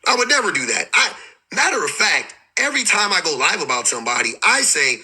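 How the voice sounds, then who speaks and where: A man's voice: high voice, very animated, brisk, pushed and bright, husky, low-quality recording. A man hosting a livestream, rambling and exasperated, swearing freely and restarting his sentences often. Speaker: livestream host. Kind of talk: casual livestream commentary.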